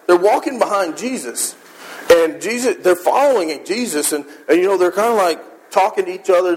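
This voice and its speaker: High-voiced man preaching a casual sermon. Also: lively intonation, fairly quick, low-quality recording. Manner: earnest, conversational, acts out voices. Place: church.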